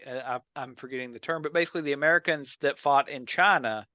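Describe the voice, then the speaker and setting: A man's voice: a little high, fast, no echo. A man co-hosting a casual podcast, animatedly retelling old TV scenes. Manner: animated storyteller, acts out quotes. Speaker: podcast co-host. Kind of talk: casual chat about old films and TV.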